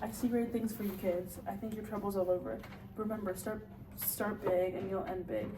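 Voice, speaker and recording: A woman's voice: mid-range voice, steady tone, echoey room, far from the mic, background noise, close to an everyday voice. A woman reading the part of an aging, blustering salesman father in an amateur play read-through, bossy and lecturing. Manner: bossy, lecturing, quick to snap.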